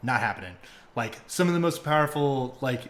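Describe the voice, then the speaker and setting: Excitable, swearing young man chatting. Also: medium pitch, fairly quick. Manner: excitable, profane retelling with many fillers. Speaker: podcast host. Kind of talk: casual podcast chat.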